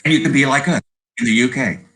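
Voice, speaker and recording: Man around seventy, American accent, bright tense tone, rambling interview guest, video call. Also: medium pitch, fast talker, low-quality recording. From Southern California. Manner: rambling, tags lines with "you know" and "right?". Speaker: guest musician. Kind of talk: casual interview chat.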